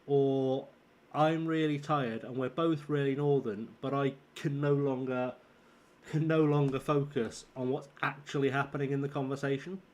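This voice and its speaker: A man's voice: medium pitch, steady tone, moderate pace, darkish tone. A tired man with a northern English accent and a sore throat coming on, chatting and swearing his way through live game commentary while teasing his viewers. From southern England. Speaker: streamer. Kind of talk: live gameplay commentary and chat.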